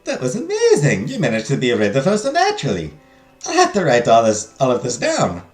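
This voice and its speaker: A man voicing an excitable scheming noblewoman accomplice who hisses and gushes in a raised voice. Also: a little high, fairly quick, reverberant, soft background music, voice pushed up. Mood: excited. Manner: breathless, gushing whisper-hiss.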